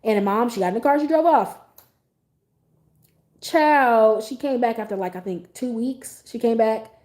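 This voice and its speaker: A young adult woman hosting a podcast, talking in a casual, blunt and animated way and swearing freely. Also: on the high side, normal speed. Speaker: podcast host. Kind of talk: casual opinion monologue.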